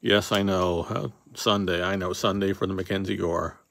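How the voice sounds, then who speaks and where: A man's voice: sits low, flat delivery, normal speed, gravelly, fairly bright tone. A man hosting a casual card-opening session, reading off names as he goes and joking offhand with a few swear words. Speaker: card box breaker host.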